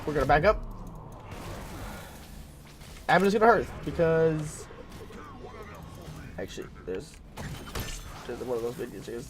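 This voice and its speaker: A man commentating his own gameplay in a casual, rambling way, full of fillers and throat-clearing because he is sick. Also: fairly high pitch, sing-song, measured pace, pauses often, noisy background. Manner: rambling, filler-heavy, thinking aloud.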